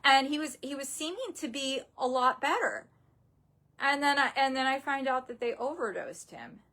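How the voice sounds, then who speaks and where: Young adult woman, slightly high voice, grieving vlogger. Halting, upset delivery, near tears, lots of restarts. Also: lively intonation, pushed and bright. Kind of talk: emotional personal story.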